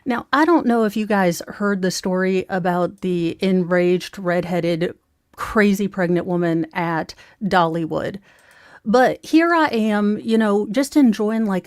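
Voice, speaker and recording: Female commentator, sarcastic and rambling, mid-pitched voice, dry close recording. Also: darkish tone, no echo. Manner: snarky, mocking, rambling with asides; talks to her viewers. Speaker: true crime commentator.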